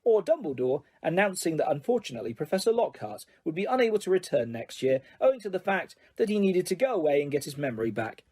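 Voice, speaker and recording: A man narrating a fantasy audiobook in a calm, steady reading voice with a breathy tone. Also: fairly high pitch, fast, hardly any pauses. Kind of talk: storybook narration.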